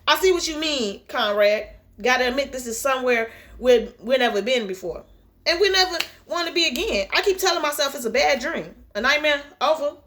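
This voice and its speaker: A steady, businesslike male airline captain, read aloud by a woman. He keeps things calm and measured for his passengers. The voice sits high and bright. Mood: grim.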